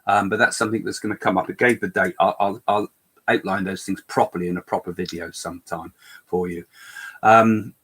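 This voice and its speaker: Husky older man chatting, full of fillers. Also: low-pitched, fairly even intonation, fairly quick, fairly bright tone. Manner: rambling, many fillers and restarts. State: slight cough. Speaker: co-host medium. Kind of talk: casual live chat.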